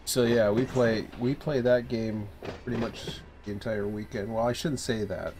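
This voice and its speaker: A man giving casual, thinking-aloud commentary while playing a train dispatching game, low-key and a bit sleepy. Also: fairly even intonation, normal speed, a little mellow, a little hiss or hum. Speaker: streamer.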